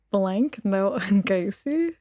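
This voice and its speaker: A woman's voice: mid-range voice, very animated, very slow, no echo. A woman streaming a game, chatting casually with her viewers in a teasing, giggly way and reading the game's text aloud. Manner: teasing, giggly banter with chat.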